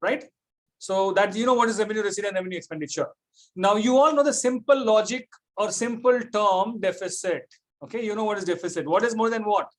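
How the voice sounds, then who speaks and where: A man's voice: sits high, brisk. A man teaching a classroom economics lecture, repeating points and checking often that students follow.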